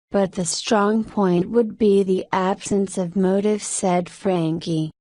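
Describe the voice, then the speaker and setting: Woman, story narration, unhurried, warm and mellow, dry recording. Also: mid-range voice, no room sound. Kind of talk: scripted story reading for English learners.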